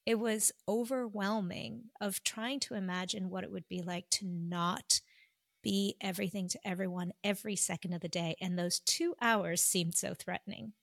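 A woman guest, a doctor, telling a personal story in an earnest, confessional way, slowing down for emphasis. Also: medium pitch, fairly even intonation, creaky, no room sound, studio quality.

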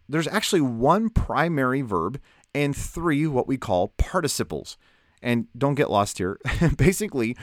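A man teaching a lesson on Bible study in a lively, conversational way, asking rhetorical questions. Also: mid-range voice, dry recording, studio quality.

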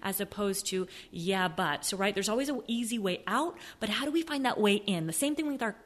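A woman hosting a motivational sales podcast, animated, acting out excuses in a high mocking voice and sometimes dropping to a soft near-whisper. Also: fairly quick. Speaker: podcast host, sales coach. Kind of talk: motivational solo podcast talk.

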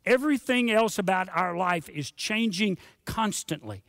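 A man's voice: high voice, expressive, moderate pace, fairly bright tone, no room sound, clean studio sound. A middle-aged man preaching a sermon as a pastor, earnest and conversational, repeating words for emphasis.

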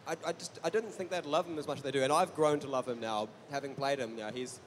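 A man on a live panel, a podcast game master, telling a halting anecdote about a character he plays. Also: mid-range voice, slight background noise. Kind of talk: casual panel chat.

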